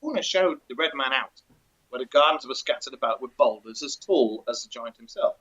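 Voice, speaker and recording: A man's voice: medium pitch, animated, brisk, a bit bright, husky. A man co-hosting a show, reading out a folk tale and then chatting with dry humour. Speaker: co-host. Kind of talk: storytelling and casual chat. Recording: dull lo-fi sound.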